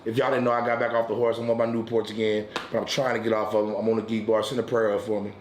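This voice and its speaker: A man hosting his weekly smoke-session stream, telling a wild story in a casual, profane, animated way from home. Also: on the low side, very fast, reverberant, a little hiss or hum. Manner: profane, animated storyteller who turns loud and excited at the climax. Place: at home in a residential area.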